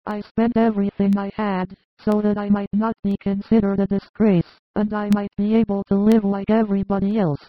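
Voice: mid-range voice, monotone, moderate pace, few pauses, dry recording, faint music behind, natural voice. Brief: reader playing a poor woman of forty, humble and pleading, tinny dry audio. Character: poor, frail woman of forty confessing tearfully. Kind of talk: audiobook reading. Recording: tinny phone-like recording.

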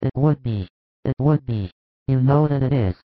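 A man's voice: medium pitch, normal speed, no echo, natural voice. A man voicing an anxious, defensive male apostle who pleads his case, on a tinny recording. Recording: tinny phone-like dry recording.

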